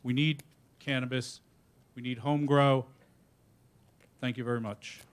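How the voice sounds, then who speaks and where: A man speaking from the floor at a public meeting, enthusiastic and rambling, with quick bursts. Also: mid-range voice, steady tone. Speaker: audience member giving public comment. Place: meeting hall.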